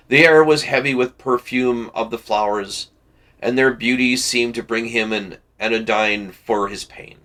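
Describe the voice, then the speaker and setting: A man reads a classic novel aloud for a book club in a measured, deliberate way. His voice is gravelly with a creaky edge, and he takes his time, at a slow and steady pace. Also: medium pitch. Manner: measured, deliberate reading with occasional slips.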